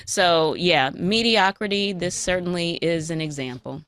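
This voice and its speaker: A woman guest on a talk radio show, giving measured, analytical commentary. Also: fairly low pitch, fairly bright tone, clear, resonant tone.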